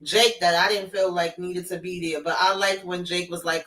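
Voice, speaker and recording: A woman's voice: on the low side, fairly even intonation, moderate pace, hardly any pauses, fairly bright tone. Woman, co-host, far from mic, echoey room, emphatic, laughing. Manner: laughing, emphatic, frequent mm-hmms. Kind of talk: casual TV recap chat.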